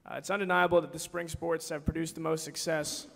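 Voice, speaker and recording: An upbeat male presenter with a slightly high voice, addressing the audience at an awards ceremony. His words ring out with a long hall reverb. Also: flat delivery, a little fast, creaky, fairly bright tone. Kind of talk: scripted announcement.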